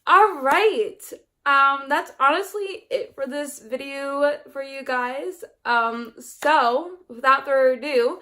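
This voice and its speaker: Young female book vlogger, high-pitched, casual rambling chat full of fillers. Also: takes it slowly, bright, forceful tone. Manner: chatty, rambling, many ums and restarts.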